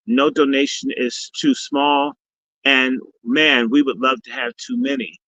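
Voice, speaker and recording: Bright-voiced man preaching on a call. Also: mid-range voice, no room sound. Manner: preachy, blessing-style, profane. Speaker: guest speaker and summit organizer. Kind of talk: casual live-stream talk. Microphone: video call. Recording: dull lo-fi stream audio.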